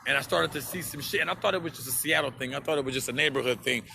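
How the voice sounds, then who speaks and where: A man's voice: mid-range voice, very fast, vocal fry, pushed and bright, a little hiss or hum. A man on a livestream, speaking to his viewers in an impassioned, profane rant and repeating himself for emphasis.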